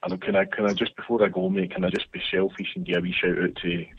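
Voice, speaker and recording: A man's voice: deep voice, very animated, quick pace, creaky, slightly rough, dry recording. A Scottish man calling in to a radio show, rambling passionately about football. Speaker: caller. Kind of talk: casual phone chat. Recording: tinny dry phone line.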